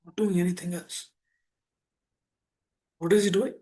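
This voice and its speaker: A man's voice: high voice, fairly even intonation, measured pace, dark tone. A man giving an earnest sermon, often repeating phrases and asking rhetorical questions. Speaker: speaker giving a scripture class.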